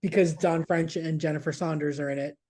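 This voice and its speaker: A man's voice: a little high, steady tone, brisk, darkish tone. A man chatting casually as a podcast's regular news contributor, rambling, laughing and swearing freely.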